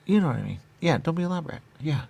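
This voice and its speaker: A man's voice: on the high side, very animated, fast talker, vocal fry, dark tone, breathy edge. A man trading absurd, playful comedy banter, with some whispered asides.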